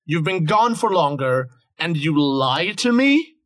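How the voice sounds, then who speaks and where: Guy doing a cranky crime boss, kinda high voice, slow and gruff, dry room. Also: very animated, fairly bright tone, no room sound. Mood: impatient. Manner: gruff, impatient, swearing. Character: irritated male crime boss client.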